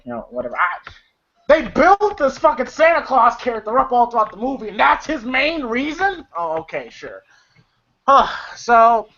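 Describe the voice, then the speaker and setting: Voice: mid-range voice, sharp tone. A movie reviewer in a rambling, casual chat who retells scenes with laughter and loose fillers, on a dull lo-fi recording.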